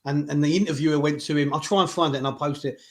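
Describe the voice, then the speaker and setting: A man's voice: a little high, fairly even intonation, fast. A man co-hosting a casual football chat, chatty and teasing his co-host. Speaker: podcast co-host.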